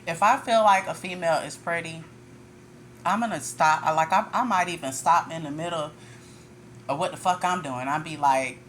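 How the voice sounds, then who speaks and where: A woman's voice: low-pitched, animated, moderate pace, a bit bright, a little hiss or hum. A woman tarot reader ranting in a casual monologue, blunt and profane, with frequent laughter.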